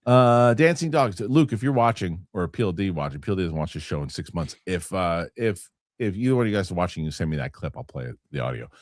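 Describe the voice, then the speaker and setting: Animated rambling male host, low voice. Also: fast, no echo, studio quality. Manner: rambling, animated, swears casually. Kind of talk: casual live-show chat reading viewer comments.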